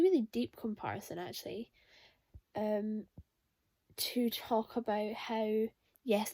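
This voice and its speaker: A woman's voice: sits high, gravelly, a little mellow, no room sound. A young woman chatting through a reading vlog, reacting with emotional exclamations. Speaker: book vlogger.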